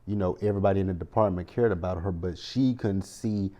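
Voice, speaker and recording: A man's voice: low voice, fast talker, mellow. A man giving a chatty, rambling recap of a TV episode, full of asides. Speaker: TV show recap vlogger. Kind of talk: casual recap commentary.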